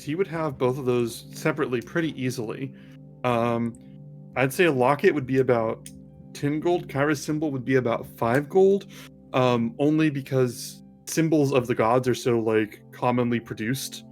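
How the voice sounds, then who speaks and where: A man narrating as game master of a tabletop game, relaxed with frequent ums. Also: mid-range voice, normal speed, soft background music.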